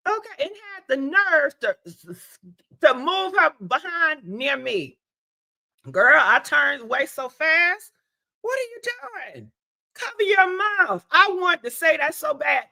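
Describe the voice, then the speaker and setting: High, bright chatty woman livestreaming while sick. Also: dry recording. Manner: chatty, animated, laughs often, addresses viewers as y'all and honey. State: sick, congested throat. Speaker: livestream host. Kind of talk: casual livestream chat.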